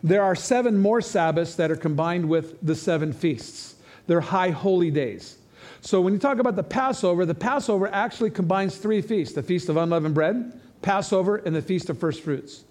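A male pastor delivers a sermon in a church sanctuary. His voice sits fairly high for a man, and he preaches in a loose, conversational, animated way. He slips in quick acted-out quotes as he goes.

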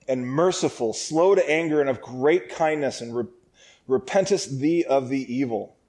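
A man's voice: mid-range voice, normal speed, darkish tone. Chatty man teaching scripture, laughing. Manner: laughs often, acts out lines in a raised voice; jokey and conversational. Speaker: Bible teacher. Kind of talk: casual Bible teaching.

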